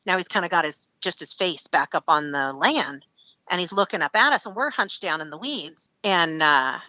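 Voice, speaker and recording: Animated woman telling a hunting story. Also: on the low side, normal speed, no room sound, highs cut off. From Alaska. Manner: animated, acts out quoted voices, laughs often. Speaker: podcast guest. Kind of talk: storytelling in casual interview.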